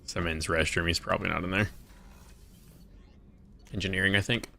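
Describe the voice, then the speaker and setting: A man's voice: sits low, steady tone, a little fast, creaky, pushed and bright. A man streaming a game and chatting casually in laid-back reactions. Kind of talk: casual gameplay commentary.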